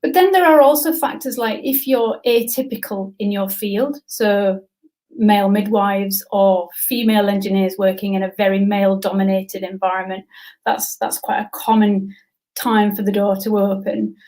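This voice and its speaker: Her voice is mid-range, steady, and darkish, at normal speed, captured on a rough recording. She's a middle-aged coach and career consultant being interviewed as a guest in a conversational expert discussion, thinking aloud with lots of fillers and restarted sentences.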